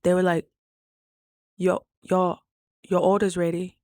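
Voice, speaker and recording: A woman in her thirties telling a story in a chatty, animated way, acting out her own quotes in a higher voice. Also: measured pace, dry recording, clean studio sound. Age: 30s. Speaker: vlogger. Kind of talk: casual storytelling. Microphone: studio mic.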